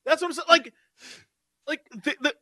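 A man co-hosting a podcast in casual chat, excitable and ranting as he acts out scenes, on a close mic. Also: extremely high pitch, normal speed, dry recording. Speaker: podcast co-host.

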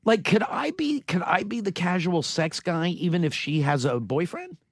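A man's voice: high voice, animated, normal speed, no echo, studio quality. A man co-hosting a casual chat, joking and self-deprecating, acting out little scenes as he talks.

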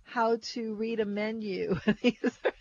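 A woman's voice: a little high, fairly even intonation, slow, a little mellow. A woman co-hosting a radio food show, chatting and reading out the call-in number. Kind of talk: radio talk show chat. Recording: dull radio audio with faint noise.

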